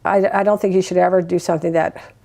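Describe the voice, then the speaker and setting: Older mother, interview guest, chatty storyteller, slight fry. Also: on the low side, little pitch movement, fast talker, warm tone. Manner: chatty storytelling, acts out her own words to her kids. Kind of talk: casual sit-down interview.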